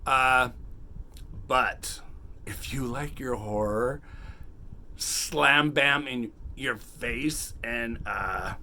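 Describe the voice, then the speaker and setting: A man hosting a casual, unedited book review, chatty and animated, acting out bits of the story in quick quotes. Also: medium pitch, a little hiss or hum. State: has the hiccups. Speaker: book review channel host.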